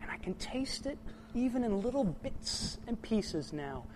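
Impassioned preacher man, loud then hushed. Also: high voice, very animated, unhurried, noisy background. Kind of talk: sermon.

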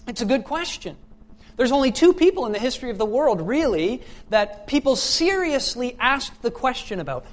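A male preacher with a notably high voice reads scripture and then preaches in a chatty, storytelling way. He stumbles and restarts often, then builds to emphatic, ringing questions. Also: sing-song, moderate pace. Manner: conversational, with fillers and restarts, rising to emphatic questions. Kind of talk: scripture reading and sermon.

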